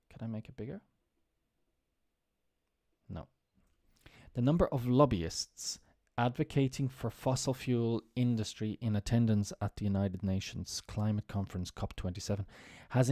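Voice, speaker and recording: A man hosts a casual live English lesson, reading out the news and breaking down hard words by repeating and spelling them. His voice sits low and mellow. The sound is close and dry, with no room around it. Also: dry recording. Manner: talks to viewers while fumbling with the screen. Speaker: English teacher hosting a live stream.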